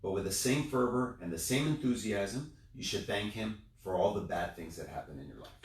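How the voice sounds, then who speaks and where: A man telling a story plays a young rabbi in his late twenties who teaches in a measured, thoughtful way. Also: lowish voice, close to an everyday voice. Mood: earnest. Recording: roomy sound, distant mic.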